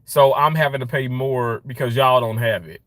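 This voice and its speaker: A man's voice: mid-range voice, normal speed, fairly bright tone, a little hiss or hum. A man ranting in a casual vlog from his car, frustrated and swearing as he rambles. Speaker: vlogger.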